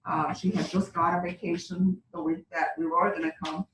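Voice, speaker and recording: A woman's voice: lowish voice, flat delivery, normal speed, a bit bright. Chatty woman in an echoey meeting room. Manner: chatty, laughs through her stories. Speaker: beauty consultant. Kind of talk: casual story-sharing at a sales meeting. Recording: echoey room, distant mic, faint background hum.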